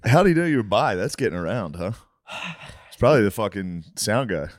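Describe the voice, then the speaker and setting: Sarcastic low-voiced comedian. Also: male voice, big pitch swings, a little fast, no room sound. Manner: sarcastic, profane ribbing. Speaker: comedian co-host. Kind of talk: casual podcast banter.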